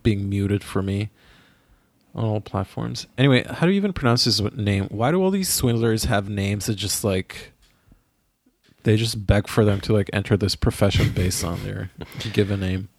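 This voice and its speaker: American guy gossiping on a podcast, lowish voice, super dry close mic. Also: moderate pace, vocal fry, no echo. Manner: chatty, gossipy, pitch jumps up when excited. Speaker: podcast co-host. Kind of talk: casual chat.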